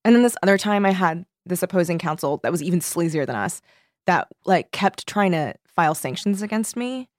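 Young woman, podcast co-host, casual chat, animated storytelling, lowish voice, dry close sound. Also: fairly quick, no room sound. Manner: animated storytelling, swears freely.

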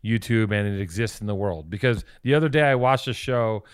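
A man's voice: lowish voice, fairly quick, smooth. A man co-hosting a casual podcast, profane and self-mocking, breathing and snorting audibly through his nose on a cheap mic. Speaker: podcast co-host. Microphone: cheap lav and phone mic.

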